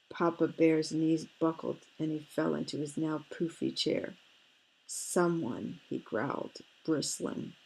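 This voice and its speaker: A woman reading a picture book aloud, stopping for gentle, fretful asides. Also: sits low, creaky, husky, rough recording. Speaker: storyteller.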